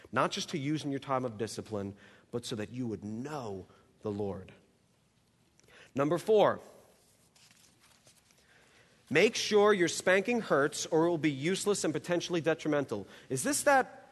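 A man's voice: a little high, a bit bright. A man preaching a sermon in an earnest, emphatic way, working through numbered teaching points. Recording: long hall reverb.

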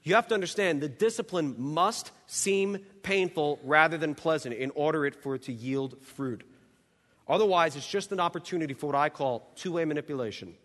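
A man's voice: fairly high pitch, moderate pace, fairly bright tone. A man preaching a sermon in an earnest, emphatic way, working through numbered teaching points. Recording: long hall reverb.

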